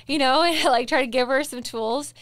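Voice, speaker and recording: A woman hosting a casual interview, emphatic and encouraging, telling stories in an animated way. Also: sits high, normal speed, no echo. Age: adult, with a daughter. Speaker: podcast host.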